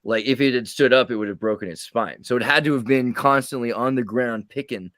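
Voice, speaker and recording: A man's voice: mid-range voice, brisk, a bit bright, dry recording. A man telling rambling, jokey stories in casual chat, putting on mock voices for the people he quotes.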